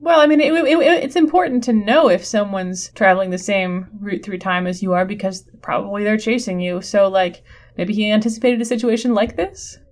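A woman's voice: medium pitch, a little fast. A woman co-hosting a podcast, casually reasoning through story logic with fillers and restarts. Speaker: podcast co-host. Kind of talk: casual analytical chat.

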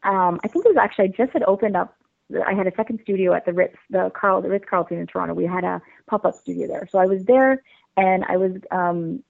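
A woman's voice: mid-range voice, quick pace, vocal fry, dry recording. A woman being interviewed, telling her story in a bubbly, rambling way with many fillers. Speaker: interview guest. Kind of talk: casual interview. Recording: dry, phone-like line.

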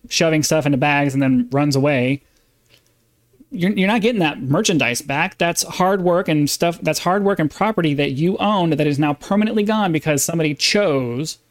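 A man hosting a podcast, delivering an emphatic, insistent opinion monologue with frequent restarts. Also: a little high. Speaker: podcast host.

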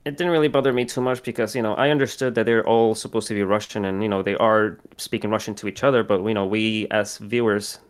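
A man's voice: lowish voice, fairly even intonation, fast, few pauses, clear, resonant tone. A man giving his opinion on a film in a casual chat, hesitant and full of fillers. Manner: hesitant, conflicted, many fillers.

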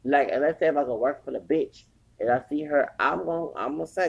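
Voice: mid-range voice, quick pace, creaky, husky, lo-fi sound. A person in their forties telling a long story in a casual, rambling rant, swearing heavily and growing heated. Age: 40s. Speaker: podcast host.

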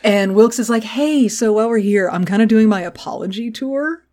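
Animated woman podcast co-host. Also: on the high side, moderate pace. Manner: animated, swears freely, acts out character lines. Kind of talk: casual recap chat.

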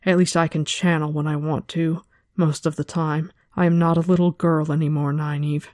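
A podcaster reading a novel aloud, voicing a frightened, earnest young woman apprentice in a high, squeaky, pleading voice. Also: level tone, normal speed, darkish tone, no room sound, clean studio sound, close to an everyday voice. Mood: defiant.

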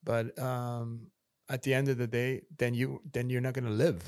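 A man's voice: mid-range voice, little pitch movement, moderate pace, a little mellow, no room sound, clean studio sound. A man in a casual podcast chat, talking earnestly and repeating his key points like a preacher.

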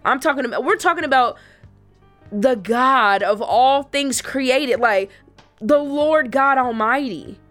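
A woman's voice: high-pitched, slow, a bit bright, soft background music. A woman giving a personal faith testimony to other women. She speaks earnestly and emphatically, repeating herself for emphasis.

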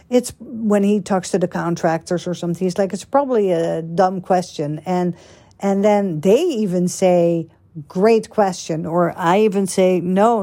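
Chatty woman podcast host, mellow voice. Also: on the low side. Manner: chatty, animated storytelling with quick asides. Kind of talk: casual chat.

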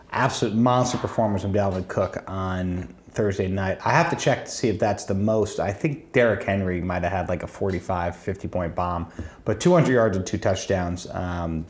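A man's voice: deep voice, darkish tone. A man co-hosting a fantasy football podcast, talking through matchups in a chatty, analytical way with frequent ums. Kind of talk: casual sports chat.

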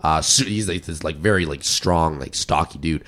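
A man co-hosting a casual podcast chat while sick, his voice deep and rough, rambling and laughing often. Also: normal speed, a bit bright. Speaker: podcast co-host.

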